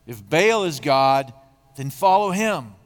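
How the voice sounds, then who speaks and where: A defiant male prophet with a forceful, declaiming voice, as a preacher reads him aloud. The voice sits a touch high and rings out in a long reverb of a large hall. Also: lively intonation, slow. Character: bold defiant male prophet challenging a king.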